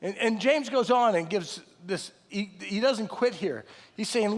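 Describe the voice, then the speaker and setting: A man in his late fifties preaching a sermon in a folksy, animated way with self-deprecating asides. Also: high voice, a little slow, few pauses. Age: 50s. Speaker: pastor. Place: large church hall. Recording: live sermon with long hall reverb.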